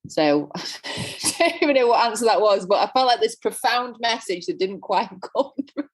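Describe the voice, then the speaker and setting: A woman who is a guest coach on a podcast, speaking in a reflective, warm-hearted, encouraging way. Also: fairly high pitch, lively intonation, normal speed. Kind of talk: casual interview chat.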